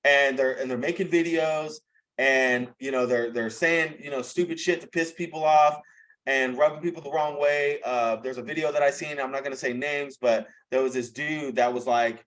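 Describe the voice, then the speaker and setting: A man's voice: medium pitch, fairly even intonation, moderate pace, a bit bright, rough recording. A young man hosting a live video call, coaching in a blunt, profane, chatty way and saying "bro" and "okay" a lot. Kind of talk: casual coaching talk.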